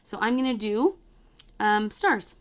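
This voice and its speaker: A woman's voice: medium pitch, expressive, unhurried. Woman, elementary math teacher; casual, chatty, self-correcting, counts aloud while drawing. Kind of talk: casual math lesson to kids.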